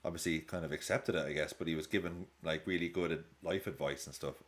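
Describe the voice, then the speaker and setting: Here a man in his thirties speaks fast in a steady bass voice while chatting casually at a live football watch-along. Reacting to the game, he curses freely and jumps between subjects.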